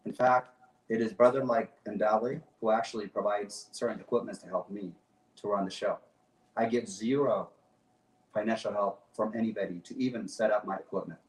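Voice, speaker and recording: A man's voice: lowish voice, fairly even intonation, moderate pace. Brief: impassioned male guest, emphatic repeats, roomy sound from a distance. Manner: passionate, emphatic, repeats phrases. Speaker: guest activist. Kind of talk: impassioned talk show speech.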